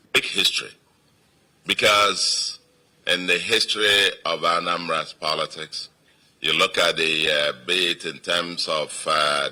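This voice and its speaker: A man's voice: rumbling low, pushed and bright, husky. A man with a Nigerian accent, a state governor giving an emphatic victory speech to supporters and repeating phrases for weight.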